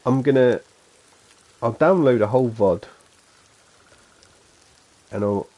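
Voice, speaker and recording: A man's voice: mid-range voice, takes it slowly, mellow, highs cut off. A man with a Suffolk accent chatting casually and rambling as he streams a game, chuckling to himself. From England. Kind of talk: casual gameplay chat.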